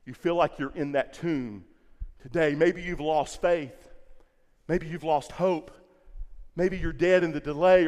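A pastor preaching an Easter sermon, swinging from hushed lines to loud, repeating phrases for emphasis. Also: male voice, a little high, in a large hall. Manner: impassioned, swinging from quiet to loud, repeating words. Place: church sanctuary.

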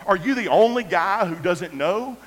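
A desperate widow woman, as a male preacher puts her on, speaks high and strained, pushing her voice louder as she pleads. Her words ring through a large echoing hall. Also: animated, slow pace, heavily acted. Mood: frantic. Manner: exasperated, pleading, rising in pitch. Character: desperate poor widow woman, frantic mother. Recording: echoey hall.

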